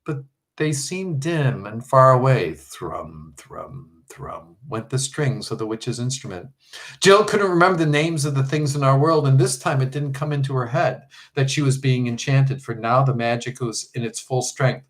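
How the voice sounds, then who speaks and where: A man reading a storybook aloud as narrator, in an expressive, measured way. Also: mid-range voice, rough recording. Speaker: audiobook reader.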